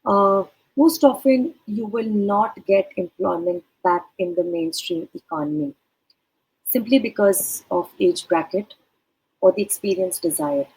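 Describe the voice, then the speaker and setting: A woman in the role of a career advisor, speaking directly to the listener in a measured, advising way. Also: mid-range voice, animated, gravelly, a little mellow, husky, rough recording. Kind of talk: advice talk.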